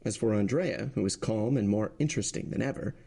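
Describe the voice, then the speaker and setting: A man reading a classic novel aloud with measured, dramatic narration. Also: fairly low pitch, vocal fry, warm tone. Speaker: podcast reader.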